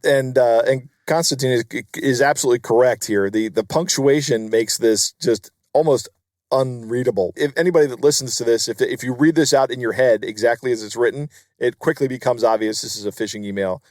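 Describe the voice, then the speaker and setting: A man's voice: mid-range voice, a little fast, darkish tone, dry recording, studio quality. Matter-of-fact male co-host. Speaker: podcast co-host. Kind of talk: casual chat.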